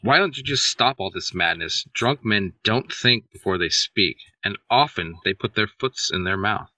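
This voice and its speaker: A man's voice: lowish voice, animated, normal speed, pushed and bright, no echo, distant mic, low-quality recording. A man reading the lines of a weary male watchman god scolding a drunk. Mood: chiding.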